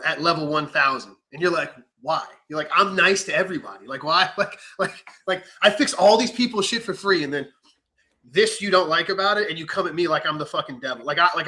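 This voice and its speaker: A man, a knife maker, telling stories in casual podcast chat, animated and swearing freely while acting out what people said. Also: a little high, low-quality recording. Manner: animated storytelling with profanity and acted-out quotes.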